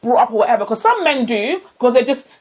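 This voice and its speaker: Quick, high-voiced woman. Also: slightly rough. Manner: animated, quick, playfully dramatic. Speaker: podcast co-host. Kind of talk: casual chat.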